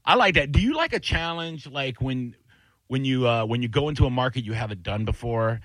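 A man hosting a radio show, chatting casually and telling stories with lively acted-out quotes. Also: mid-range voice, fairly quick, dry recording. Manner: animated storyteller, acts out quotes in other voices. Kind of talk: casual chat.

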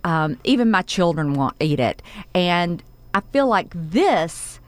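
A woman's voice: lowish voice, big pitch swings, slow, no echo. A woman hosting a radio interview, chatty and enthusiastic as she asks her guests questions. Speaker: radio host. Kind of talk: casual interview chat.

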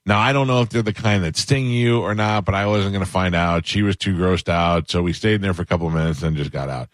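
A man hosting a talk radio show, telling a funny story and mimicking loud people in a raised voice. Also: quick pace, no echo. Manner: animated, acts out other people's shouting in a higher voice.

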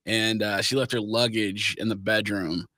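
A man's voice: lowish voice, fairly even intonation, moderate pace, pushed and bright, no echo, studio quality. A man in his thirties co-hosting a podcast, trading wry, sarcastic banter in casual chat. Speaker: podcast co-host.

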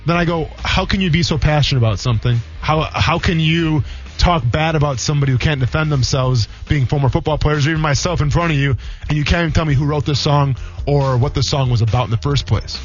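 A man's voice: on the high side, soft background music. A man in his thirties, a former football player co-hosting a sports radio show, telling stories in a rambling, casual way full of fillers. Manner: rambling, fast, many "like" fillers. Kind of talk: casual radio chat, storytelling. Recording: dull lo-fi radio sound.

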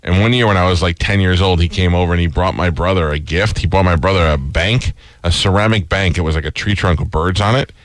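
Low-voiced man telling animated stories. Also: fast, no room sound. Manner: animated storyteller acting out quoted voices. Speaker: radio host. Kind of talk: casual radio chat.

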